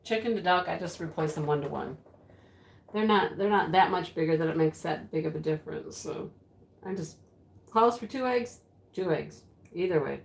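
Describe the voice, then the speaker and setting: A woman's voice: fairly low pitch, moderate pace, vocal fry. An actress playing a rambling, easily flustered woman who hosts a home craft livestream and giggles often. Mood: giggly flustered. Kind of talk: sketch comedy character acting. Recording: roomy echo.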